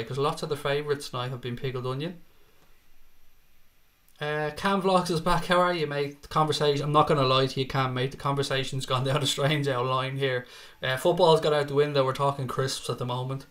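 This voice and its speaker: On the high side and fairly bright, the voice belongs to an Irish-accented man from Ireland hosting a laid-back live stream. He reads out what viewers type and fires back with jokes and swearing.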